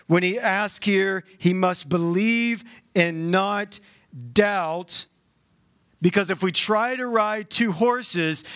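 A man preaching a sermon as a pastor, in a conversational and animated way with sudden jumps in pitch. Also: no echo, studio quality.

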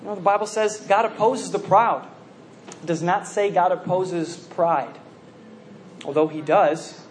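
A male preacher delivering a sermon in a high, light voice. He tells stories animatedly, restarting his sentences and filling the pauses with "you know". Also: slight background noise. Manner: animated storytelling with many fillers and restarts.

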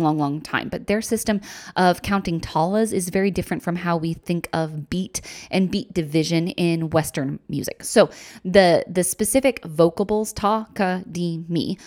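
Woman hosting a music teaching podcast, calm and methodical, breaks ideas down step by step. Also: on the low side. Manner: clear, methodical, explains step by step. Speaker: music education podcast host. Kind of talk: explanatory podcast lecture.

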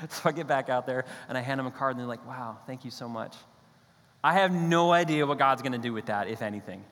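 A man's voice: on the high side, fairly bright tone. A man preaching a sermon as pastor, in a conversational, storytelling manner with playful asides. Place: church hall. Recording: church hall with long reverb.

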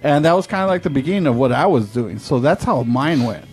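A man's voice: mid-range voice, expressive, fast talker, darkish tone, soft background music. A middle-aged man and show promoter telling a rambling, profane story in casual chat.

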